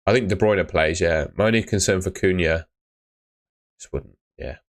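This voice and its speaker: A young man hosts a live stream in a very low voice. He reads out viewers' questions and answers them bluntly, tacking "mate" onto nearly every reply. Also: moderate pace. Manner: chatty, blunt advice, often ends with "mate". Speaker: fantasy football streamer. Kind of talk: casual live-stream chat.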